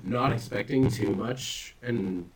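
A man's voice: mid-range voice, takes it slowly, far from the mic, noisy background. A man chatting casually as a podcast co-host, rambling and swearing often with self-mocking humor. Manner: rambling, profane, self-deprecating. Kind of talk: casual chat.

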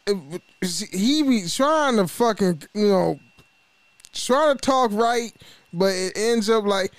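A man's voice: high voice, lively intonation, slow, clear, resonant tone, no room sound. A man hosting his own podcast in a casual monologue, loose and profane, often stumbling over his words. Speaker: podcast host.

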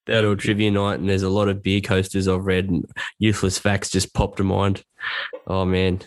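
A man's voice: low-pitched, monotone, moderate pace, dry recording. An Australian man, a podcast guest, chatting casually in a jokey, rambling, self-deprecating way. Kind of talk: casual chat.

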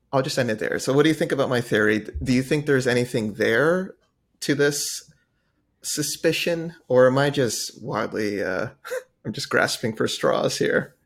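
A man's voice: medium pitch, a little slow, vocal fry. Joking man spinning theories. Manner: theorizing, exasperated jokes. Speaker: podcast co-host. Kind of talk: casual chat.

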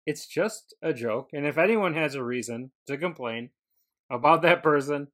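A man's voice: a little high, animated, normal speed, fairly bright tone. A man co-hosting a casual wrestling podcast, chatting and joking in an easygoing way. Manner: joking, laid-back commentary. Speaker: podcast co-host.

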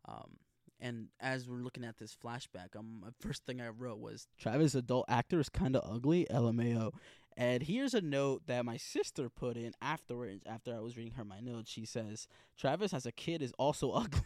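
A man's voice: medium pitch, expressive, moderate pace, darkish tone, no echo, studio quality. Profane young man recapping his notes. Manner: profane, slangy, emphatic. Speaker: TV episode reaction host. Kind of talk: casual recap reading from notes.

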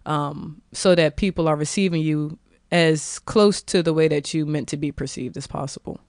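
A man's voice: on the high side, moderate pace, no echo, studio quality. A man hosting a podcast, asking thoughtful, carefully rephrased questions in a casual interview. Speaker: podcast host.

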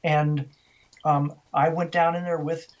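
An older man, the guest in an interview, telling a story in an animated way, often restarting and repeating words. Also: a little high, measured pace, highs cut off.

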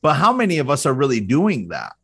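A man hosting a podcast interview, talking in an animated, emphatic way and often repeating words as he builds a point. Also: medium pitch, fairly quick, breathy edge. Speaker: podcast host. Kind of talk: casual interview chat.

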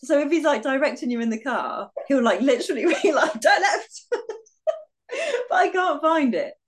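A woman's voice: high voice, lively intonation, a little fast. A middle-aged woman chatting casually as a podcast guest, often breaking into laughter as she talks. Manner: giggly, laughs often while talking. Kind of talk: casual chat.

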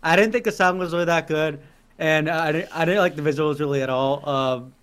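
A man's voice: on the high side, fairly quick, fairly bright tone, smooth. A young man co-hosting a podcast, speaking hesitantly and stumbling over his words. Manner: hesitant, stumbling, full of fillers. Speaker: podcast co-host. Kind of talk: casual chat.

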